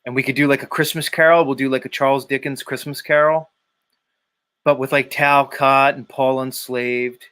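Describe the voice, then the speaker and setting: A man's voice: mid-range voice, level tone, moderate pace, a bit bright, clear, resonant tone. A man hosting a livestream, chatting casually and reading viewer comments, rambling with lots of fillers and swearing. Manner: rambling, profane, thinks aloud with many fillers. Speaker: livestream host.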